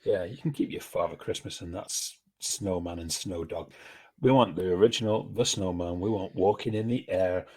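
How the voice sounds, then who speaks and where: A man's voice: low voice, normal speed, darkish tone. A British man hosting a podcast in casual chat, laughing often and going on grumbling rants. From Britain. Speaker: podcast host.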